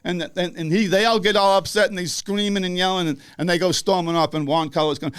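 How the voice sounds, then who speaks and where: A man's voice: high-pitched, steady tone, quick pace, few pauses, clean tone, no room sound, clean studio sound. An older man from the northeastern US telling a story in casual chat, profane and laughing, acting out the people in it.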